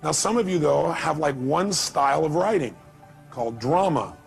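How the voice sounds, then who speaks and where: Emphatic high-voiced male motivational speaker. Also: animated, normal speed, vocal fry, soft background music. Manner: emphatic, punchy, rhetorical questions. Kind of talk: seminar talk to an audience.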